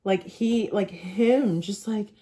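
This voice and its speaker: A young woman vlogger chatting casually, rambling with lots of filler words and getting animated when excited. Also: mid-range voice, slow pace. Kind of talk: casual chat.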